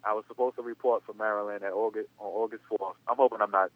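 A man in his thirties tells a long personal story at a quick clip. He rambles loosely and keeps padding it with "you know." His low voice comes through a thin, dry phone line. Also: steady tone, no room sound. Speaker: interview guest, former athlete. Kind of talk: casual spoken storytelling.

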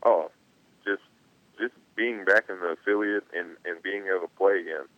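Deep-voiced young man telling a story. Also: moderate pace, no room sound, lo-fi sound. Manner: animated, laughs often, acts out quotes. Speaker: interview guest, pro baseball player. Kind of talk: casual storytelling.

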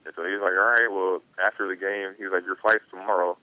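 Young guy, really deep voice, chatty storyteller, laughs a lot, kinda muffled dry audio. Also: fast, dry recording. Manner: animated, laughs often, acts out quotes. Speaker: interview guest, pro baseball player. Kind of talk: casual storytelling.

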